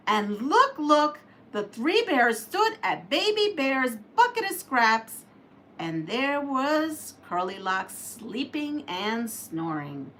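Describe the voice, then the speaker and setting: A woman hosting a quilting livestream, reading out a homemade story and chatting with viewers, animated and laughing at her slips. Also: high voice, slow pace. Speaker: quilting channel host.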